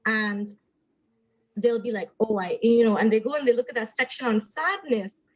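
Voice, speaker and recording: A woman talks things through like a counselor, earnest and animated. Her voice sits a little high. The audio is dull and lo-fi. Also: normal speed. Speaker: therapist guest. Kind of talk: conversational talk show discussion. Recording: muffled lo-fi audio.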